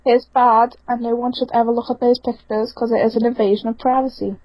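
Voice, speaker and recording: Young female co-host, high bright voice, giggly and chatty. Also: flat delivery, a little fast, poor audio. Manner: giggly, laughs often. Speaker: podcast co-host. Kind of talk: casual chat among friends.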